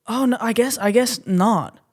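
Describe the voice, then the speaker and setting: A woman's voice: fairly high pitch, moderate pace. A young woman co-hosting a casual podcast, giggling and acting out quoted lines in a self-mocking way. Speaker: podcast co-host. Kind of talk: casual chat.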